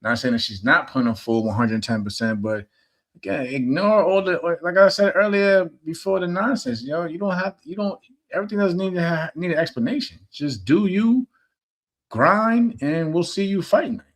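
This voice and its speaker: A man's voice: fairly high pitch, moderate pace. A man co-hosting a podcast, talking bluntly in slang with emphatic repeats. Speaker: podcast co-host. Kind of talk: casual chat.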